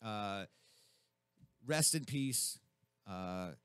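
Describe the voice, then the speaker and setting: A man hosting a radio show in a studio, chatting casually and excitedly, swearing constantly. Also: on the low side, drawn-out words, clean tone, no room sound.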